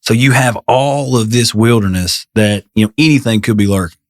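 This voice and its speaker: Imagine a man speaking as a podcast guest in a fairly low voice. He talks earnestly and builds his point by asking rhetorical questions one after another. The recording is close and dry. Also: moderate pace, no echo. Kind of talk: casual conversation.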